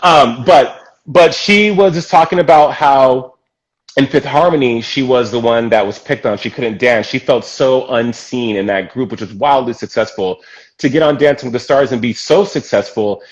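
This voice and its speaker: A man's voice: mid-range voice, normal speed, rough recording. Effusive man hosting an interview. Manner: effusive, emphatic, encouraging. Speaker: podcast host. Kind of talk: casual interview chat.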